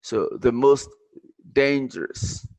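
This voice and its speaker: Halting and repetitive, with plenty of fillers, a man explains English grammar in a blend of English and Arabic. He has a mid-range, darkish voice, recorded without echo.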